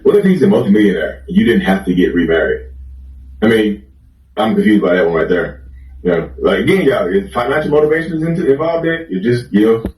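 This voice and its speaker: A man talks casually on a livestream, handing out blunt relationship advice to his viewers. His delivery is animated and repetitive, and he keeps checking in with the listener. He sounds a little distant from the mic in a roomy space that echoes. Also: lowish voice, fast talker.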